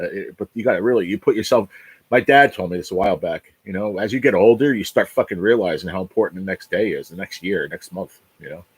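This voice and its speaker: A man's voice: lowish voice, breathy edge, no echo, poor audio. A man in his late forties, hosting a casual livestream, talking bluntly, swearing a lot and repeating himself. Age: 40s. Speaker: livestream host.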